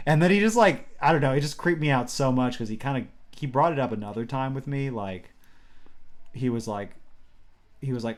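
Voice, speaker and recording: Young male podcast co-host, mid-pitched, rambling comic storyteller who swears freely. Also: fairly quick. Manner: rambling storyteller, swearing, frequent restarts and acted quotes. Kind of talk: casual comedic chat.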